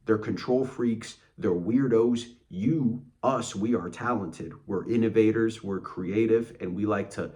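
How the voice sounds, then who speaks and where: Blunt, low-voiced man ranting. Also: unhurried, few pauses, dark tone. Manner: blunt, contemptuous, cursing. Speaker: motivational channel host. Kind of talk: angry motivational rant.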